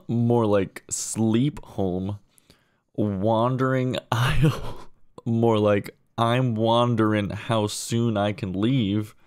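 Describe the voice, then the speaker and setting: A young man delivering a deadpan list of comedy puns, drawn out slowly with quick mumbled asides. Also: on the low side, clean tone. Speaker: comedy video creator.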